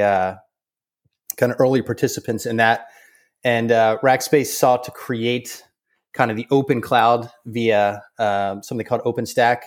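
A man being interviewed as a guest, talking in a relaxed way with many fillers and restarts. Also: mid-range voice. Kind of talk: conversational interview.

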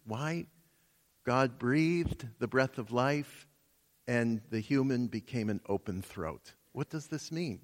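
A man preaching a sermon at a slow, deliberate pace, teaching step by step with many pauses. His middle-pitched voice carries the long reverb of a church hall.

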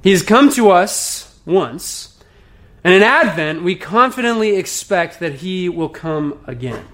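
High-voiced man preaching an earnest sermon. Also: expressive, unhurried, fairly bright tone. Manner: earnest, conversational preaching with casual asides. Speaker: pastor.

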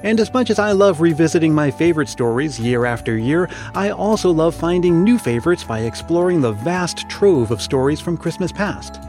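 Gentle male storyteller with soft music. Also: on the high side, expressive, moderate pace, hardly any pauses. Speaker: podcast host and storyteller. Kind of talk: scripted narration of a classic story.

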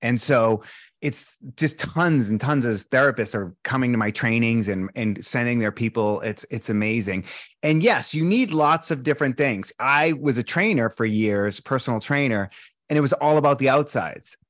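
Man, mid-pitched voice, lively candid storyteller, dry close-miked sound. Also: normal speed, no echo. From Boston, USA. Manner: animated storytelling, candid and emotional, acts out quotes. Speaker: breathwork instructor, podcast guest. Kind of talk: casual interview chat.

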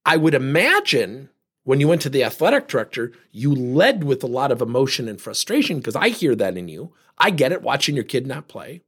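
Husky-voiced man telling an animated story. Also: mid-range voice, a little fast. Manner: animated, acts out both sides of conversations. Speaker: leadership speaker. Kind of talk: storytelling talk on coaching.

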